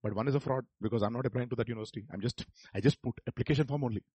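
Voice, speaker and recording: A man's voice: mid-range voice, racing, a little mellow, breathy edge, no room sound. A middle-aged man with an Indian Telugu accent preaching a sermon as pastor, telling stories with quoted voices and building to emphatic peaks. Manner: storytelling with acted quotes and chuckles, rising to emphatic peaks.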